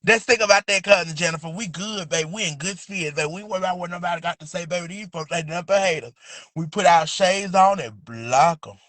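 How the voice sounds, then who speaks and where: A man with a notably high voice hosts a loose, chatty phone livestream outdoors, calling his viewers baby and boo. He stretches his pet phrase out in a sing-song drawl. The sound is dry and close, with no room echo. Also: quick pace, a bit bright. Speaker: livestream host. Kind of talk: casual livestream chat. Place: outdoors next to a house.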